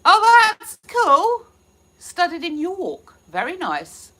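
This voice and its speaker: Bright-voiced woman with a Hertfordshire accent. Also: very high-pitched, huge pitch swings, takes it slowly. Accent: Hertfordshire English. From Hertfordshire, England. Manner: chatty and giggly, reading out viewer comments. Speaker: livestream host. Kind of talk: casual live-stream chat with viewers.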